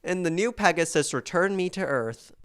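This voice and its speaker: Deadpan sarcastic podcast host. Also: medium pitch, normal speed, heavy background noise. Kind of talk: comedy podcast sketch.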